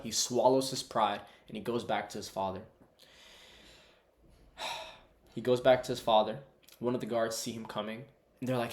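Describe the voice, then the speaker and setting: A man's voice: mid-range voice, steady tone, normal speed, long pauses, darkish tone, echoey room. A man giving a casual, conversational Bible teaching online and calling his viewers "bro". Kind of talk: casual preaching to camera.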